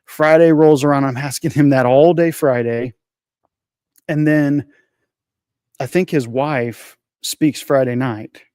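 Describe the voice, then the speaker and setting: A man's voice: medium pitch, fairly even intonation, slow, long pauses, darkish tone, clean tone, no echo, clean studio sound. A man co-hosting a casual faith podcast, telling a personal story in an earnest, emotional way, repeating phrases and restarting often. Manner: frequent restarts and fillers. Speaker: podcast co-host.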